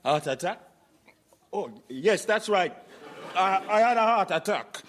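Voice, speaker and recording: A man's voice: sits high, lively intonation, a little slow. An actor playing a scheming, sarcastic older father who runs a record shop, in a radio sitcom. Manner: sarcastic, cheeky. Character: cheeky scheming old dad, sarcastic.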